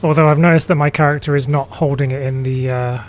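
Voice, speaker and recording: A man hosting a casual gaming livestream, chatting in a relaxed way and reading viewer messages aloud. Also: on the high side, fast talker. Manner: relaxed, chatty, reads chat aloud, frequent fillers. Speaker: streamer host.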